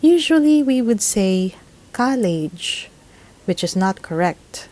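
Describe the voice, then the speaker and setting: A woman from the Philippines narrates a scripted English pronunciation lesson, speaking slowly and deliberately and repeating each word carefully several times. Her medium-pitched voice is warm with lively intonation, though the recording is rough.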